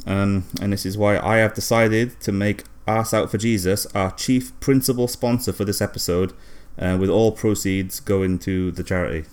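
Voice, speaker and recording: Man, very low voice, deadpan comic storyteller, hesitant, filler-heavy. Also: moderate pace, clean tone. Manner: rambling, hesitant, many fillers. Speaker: podcast co-host.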